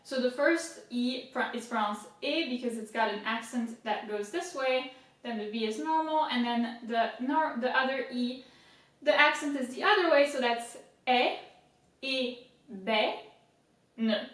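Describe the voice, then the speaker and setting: A woman teaching French pronunciation in a casual video lesson, her fairly high voice sitting a little back from the mic. She breaks words into slow syllables and repeats them patiently, with a dash of self-mocking humor. The room around her rings with heavy echo. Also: a bit bright. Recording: very echoey room, voice from a distance.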